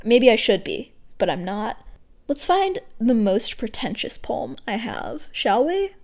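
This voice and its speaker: A woman's voice: very animated, measured pace. Self-mocking young woman reading her poems. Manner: self-mocking and rambling, drops soft and low when reading. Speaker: podcast host reading her own poems. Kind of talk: casual self-deprecating chat with poetry reading.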